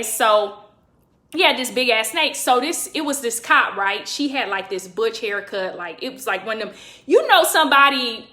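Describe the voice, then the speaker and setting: A high, bright woman telling a story on a livestream. She is animated and profane and leaps up in pitch when she acts out what people said. Her voice rings in an echoey room. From California.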